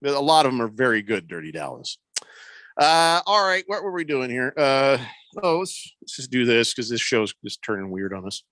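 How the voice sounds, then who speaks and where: Bright-voiced joking sports radio man. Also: medium pitch, big pitch swings, moderate pace, no echo. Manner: joking, reads listener texts aloud. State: losing his voice. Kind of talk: casual radio chat. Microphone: studio microphone.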